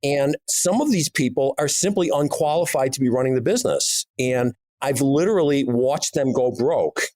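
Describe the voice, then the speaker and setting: A man's voice: mid-range voice, animated, moderate pace, darkish tone, no echo, studio quality. A middle-aged man co-hosting a podcast, speaking bluntly and emphatically in a casual conversation. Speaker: podcast co-host, business owner.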